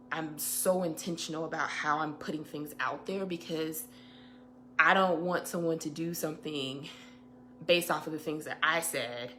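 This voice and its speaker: A young adult woman hosting her weekly update as an educator, talking in a casual, reflective way with emphatic, animated stretches and colloquial asides. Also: low-pitched, a little hiss or hum.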